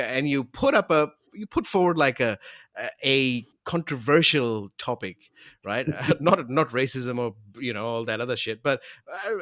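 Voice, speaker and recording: Jokey podcast host, lively pitch. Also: male voice, dry recording, studio quality. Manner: swearing, laughing, jokey banter. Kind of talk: casual chat.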